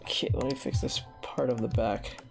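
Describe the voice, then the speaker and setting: A man's voice: mid-range voice, little pitch movement, normal speed, creaky, over music. A young man with a stuffy, congested voice, rambling to himself as he talks viewers through a live drawing tutorial. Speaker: digital art streamer.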